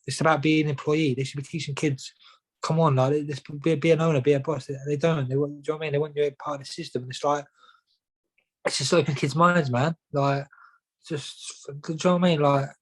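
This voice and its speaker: Young man, quick-fire podcast guest, peppers every line with "mate". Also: fairly high pitch, fairly even intonation, rough recording. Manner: rapid, says "mate" and "do you know what I mean" constantly. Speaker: professional boxer guest. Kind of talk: casual podcast chat.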